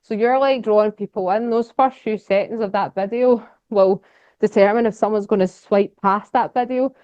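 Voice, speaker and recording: A guest speaker from Scotland, this young woman delivers an informal conference talk to a society audience, chatty and eager, full of fillers and laughs as she rambles. Her mid-range voice has fairly even intonation at normal speed, with no echo, and the recording is dry and slightly dull.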